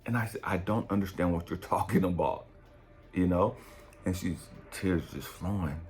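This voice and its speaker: A man, a spiritual coach, telling a story in a blunt, profane, animated way. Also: low-pitched, moderate pace. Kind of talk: casual storytelling monologue.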